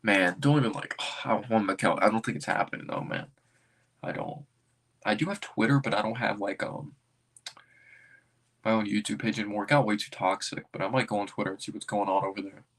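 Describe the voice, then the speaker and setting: A man hosting a casual livestream as a basketball fan, rambling and thinking out loud with excitable bursts. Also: on the low side, brisk.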